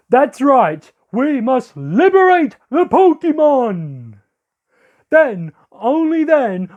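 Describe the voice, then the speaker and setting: Pompous orator voiced by a man, odd put-on accent, high voice, grand declaiming speech. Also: darkish tone, heavily acted. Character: pompous male orator preaching to a crowd. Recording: lo-fi audio.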